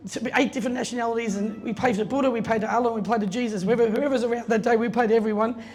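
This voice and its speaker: Fast-talking woman telling stories. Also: a little high, fairly even intonation, darkish tone. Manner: chatty, laughing, acts out quoted voices. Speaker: guest speaker telling a story at an opening. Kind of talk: casual anecdotal speech. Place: event space. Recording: long reverb, faint room noise.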